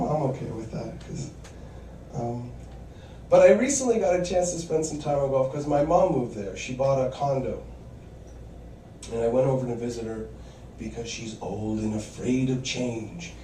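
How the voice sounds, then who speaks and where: A man's voice: mid-range voice, dark tone, roomy sound, recorded from a distance, a little hiss or hum, low-quality recording. A man performing a stand-up comedy set, telling wry stories and acting out quoted voices.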